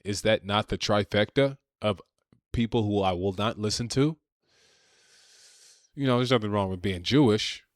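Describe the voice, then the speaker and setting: A man's voice: lowish voice, a bit bright, no room sound, clean studio sound. A man giving a combative political rant, repeating himself and leaning on slang. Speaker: political commentator.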